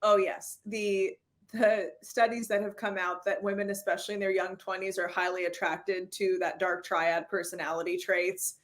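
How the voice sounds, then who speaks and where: A woman with a voice of ordinary, middle pitch speaks as a therapist guest on an interview. She tells stories in a lively way and often laughs. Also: moderate pace. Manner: animated storyteller who acts out quoted dialogue and laughs often. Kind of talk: conversational interview.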